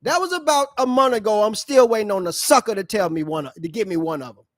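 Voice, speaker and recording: Man, high-pitched, blunt slangy rant, dry close sound. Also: animated, fast, dry recording. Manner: blunt, slangy, preachy, asks the audience questions. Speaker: live reaction streamer. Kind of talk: ranting commentary on a played clip.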